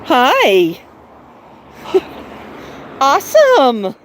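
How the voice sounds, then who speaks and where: A woman's voice: high voice, very animated, takes it slowly, pauses often, a little hiss or hum. A middle-aged woman hosting a live-streamed walk outdoors, talking in a coaxing, sing-song way to her pet bird. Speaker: bird owner and host. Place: outdoors in a residential neighborhood.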